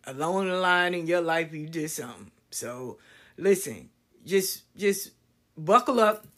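A woman's voice: on the low side, measured pace. A woman speaking her mind in a casual monologue, blunt and profane, acting out other people's lines as she goes. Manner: blunt, profane, animated storytelling with acted-out quotes.

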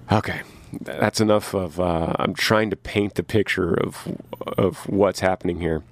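A man who tours as a musician, telling a story in a casual podcast from his tour bus, getting animated as he recounts his confusion. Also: measured pace, no room sound. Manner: animated, rises in pitch when recounting confusion. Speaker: touring musician. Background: train passing.

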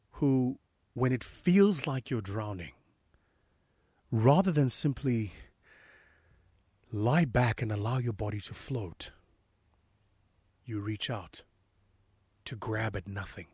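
A young adult man giving a reflective spoken meditation in a slow, measured way, softly emphatic and sometimes dropping to a whisper. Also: mid-range voice, slightly rough, no echo, clean studio sound. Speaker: inspirational speaker.

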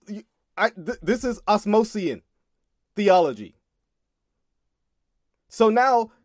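A man's voice: high voice, no echo, studio quality. A man casually commenting on a sermon clip, exasperated and emphatic, often laughing in disbelief.

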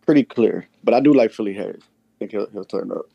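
A man talking casually on a podcast in a relaxed, laid-back way. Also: fairly low pitch, brisk, creaky, muffled recording. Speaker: podcast guest. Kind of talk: casual chat.

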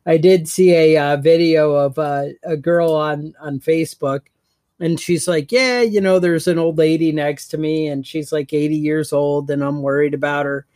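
A man's voice: fairly high pitch, flat delivery, moderate pace, mellow, no room sound, clean studio sound. A man co-hosting a podcast, telling rambling stories in casual chat and laughing often. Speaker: podcast co-host.

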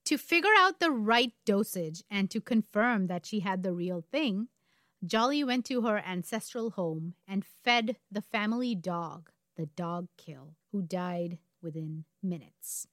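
A woman's voice: mid-range voice, lively intonation, measured pace, a bit bright, no room sound. Casting: woman in her forties from India, true crime podcast co-host, chatty and wry, dry close sound. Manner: conversational, wry asides. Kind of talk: casual true crime storytelling.

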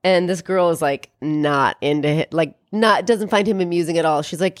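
A young woman casually recapping a film, chatting fast and acting out the characters' lines in quick bits. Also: sits low, no echo, clean studio sound. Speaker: podcast co-host.

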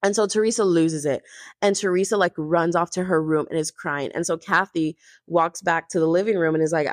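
A woman's voice: lowish voice, brisk, no room sound, studio quality. A young woman recapping a reality show in a gossipy, chatty way, full of casual fillers. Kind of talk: casual chat.

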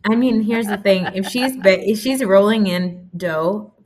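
A woman's voice: mid-range voice, measured pace, darkish tone. A woman co-hosting a podcast, recapping reality TV in casual chat and thinking aloud with restarts. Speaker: podcast co-host.

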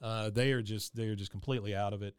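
A man's voice: fairly even intonation, fast talker, clean tone, no room sound, studio quality. A man casually recapping a cartoon episode on a podcast, narrating scenes and briefly voicing the characters' lines. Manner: retells scenes, acting out character lines with raised pitch; frequent fillers and restarts while narrating. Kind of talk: casual chat.

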